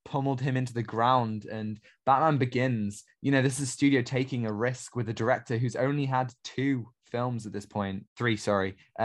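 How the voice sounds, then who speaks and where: A man co-hosting a podcast, talking casually and with effusive enthusiasm. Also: medium pitch. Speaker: podcast co-host.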